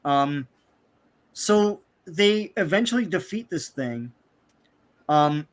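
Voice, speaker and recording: Host brief: chatty man with a slightly high voice, rambling comic recap full of ums and likes. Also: lively intonation, slow pace. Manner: rambling, many fillers, acts out characters' lines. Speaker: podcast host. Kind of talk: casual comic book recap chat.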